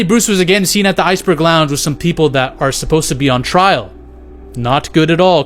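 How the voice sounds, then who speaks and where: A young man casually retelling a speculative movie plot, loose and profane, slipping into paraphrased dialogue for each character. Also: on the high side.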